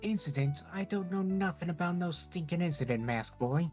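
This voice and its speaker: A woman's voice: on the low side, animated, normal speed, a little mellow, soft background music, natural voice. A woman voicing a hot-tempered male street thug with a put-on Brooklyn accent, snarling out tough-guy threats in a live fan dub of a game. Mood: scornful.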